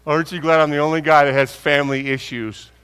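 A man's voice: fairly high pitch, little pitch movement, fast, a bit bright, smooth. An older man preaching a folksy storytelling sermon, talking conversationally to a congregation. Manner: folksy, conversational, acts out dialogue. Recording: long hall reverb.

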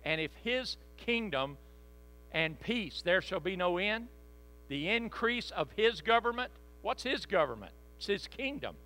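A man preaching a sermon, his voice bright and forceful, pitched a little above the usual. He reads scripture with dramatic flair and presses his points on the congregation, while a low electrical hum sits under the recording. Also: big pitch swings, unhurried, low-quality recording. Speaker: pastor.

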